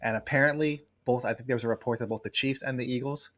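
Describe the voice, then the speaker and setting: A man, a guest sports writer, talking in a casual livestream chat, quick and rambling with many fillers. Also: mid-range voice, steady tone, a bit bright, no room sound.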